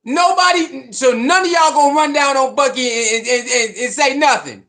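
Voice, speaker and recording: High bright voice going off on the media, slangy, swears, keeps asking why. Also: normal speed. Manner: animated, repeats rhetorical questions, shouts at critics; slangy, swears, says bro and man. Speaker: sports commentator. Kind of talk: heated sports rant to camera.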